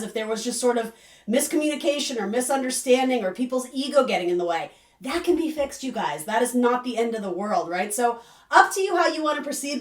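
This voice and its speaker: A woman's voice: sits high, recorded from a distance. Chatty woman tarot reader, echoey room. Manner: chatty, rambling, frequent asides and fillers. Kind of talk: casual tarot reading to camera. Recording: echoey room, voice a bit off-mic.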